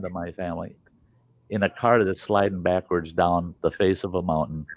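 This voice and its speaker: A man hosting a storytelling show, telling a rambling, folksy, animated tale and swearing casually as he goes. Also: low-pitched, moderate pace, no room sound. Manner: animated, folksy, swears casually, chuckles through his tales. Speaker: podcast host.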